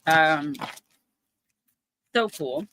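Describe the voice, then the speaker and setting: In a low-quality recording with slight hiss or hum, a woman hosts a live oracle card reading stream. Her low-pitched, fairly bright voice is animated and draws out words as she tells a chatty story, raising her voice to act out people's quotes.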